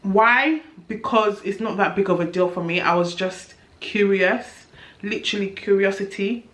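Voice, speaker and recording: A woman's voice: mid-range voice, fairly even intonation, normal speed. A young woman chatting candidly and with exasperation in a review vlog, laughing at herself now and then. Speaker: vlogger. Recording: echoey room.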